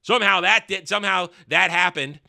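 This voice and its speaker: A man's voice: high voice, a little fast, gravelly, sharp tone. A man reviewing a show in a crude, sarcastic rant, often stumbling and restarting his sentences.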